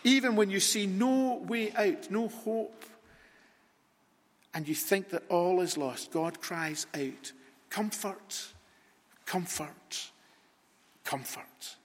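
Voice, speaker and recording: Male preacher with a high voice, unhurried and deliberate; long reverb of a large church hall. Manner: deliberate, repetitive rhetorical preaching with long pauses. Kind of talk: sermon. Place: church sanctuary.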